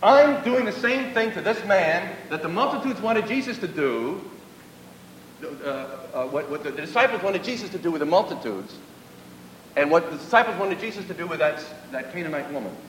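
Earnest man giving a sermon, animated delivery, distant mic with faint rumble. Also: normal speed, echoey room, long reverb tail. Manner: earnest, repeats phrases for emphasis. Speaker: preacher.

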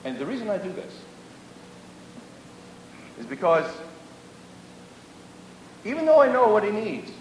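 Earnest man giving a sermon, animated delivery, distant mic with faint rumble. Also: unhurried, pauses often, reverberant, big-room sound. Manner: earnest, repeats phrases for emphasis. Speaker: preacher.

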